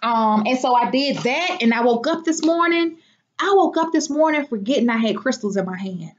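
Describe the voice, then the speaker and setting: A woman's voice: sits high, lively intonation, normal speed. A woman from Washington, D.C., chatting casually and rambling on her livestream, using folksy slang. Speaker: livestream host. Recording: dull lo-fi sound.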